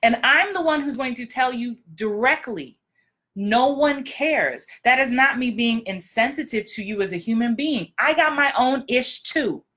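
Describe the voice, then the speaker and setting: A woman's voice: fairly high pitch, expressive, unhurried, fairly bright tone. A woman acting coach giving very direct, blunt advice in a frank, emphatic vlog talk. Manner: frank, emphatic, repeats for effect.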